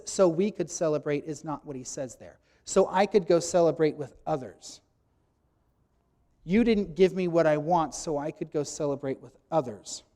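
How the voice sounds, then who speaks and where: A man preaching a sermon, teaching emphatically and acting out quoted lines with sudden loud bursts. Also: fairly high pitch.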